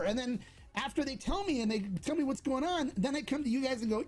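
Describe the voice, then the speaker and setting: A man's voice: very high voice, expressive, fast talker, faint music behind. A middle-aged man hosting a casual livestream Q&A, talking in a chatty, rambling way with many restarts. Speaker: host of a tequila channel.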